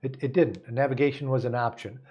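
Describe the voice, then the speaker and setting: A man's voice: medium pitch, fairly even intonation, fairly quick, a little mellow, husky. A man from the United States who hosts a show as a car dealer. He gives casual advice, partly reads aloud, and rambles folksily with many asides and restarts.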